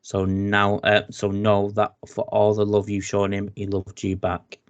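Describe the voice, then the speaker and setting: A man with an English accent hosts a casual chat show and reads news items aloud. His voice sits fairly low, and he stumbles into restarts and filler words as he goes. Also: completely flat delivery, measured pace, dull audio. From England. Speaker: podcast host.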